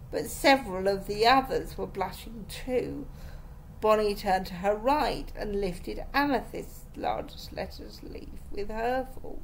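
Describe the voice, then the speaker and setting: A mother reading a children's chapter book aloud to her children, with slow, expressive storytelling. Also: mid-range voice, gravelly, a little hiss or hum.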